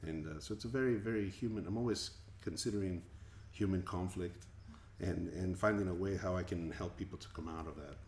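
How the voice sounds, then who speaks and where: His voice is low, fairly quick and a little mellow, with hardly any pauses. The Colombian musician answers an interviewer thoughtfully and sincerely, often repeating words as he searches, in an echoey room carrying faint ambient noise.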